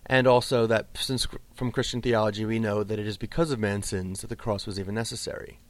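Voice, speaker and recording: A man teaching a lesson on Old English poetry, explaining patiently and slowing right down to recite the verse. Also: lowish voice, fairly even intonation. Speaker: literature teacher.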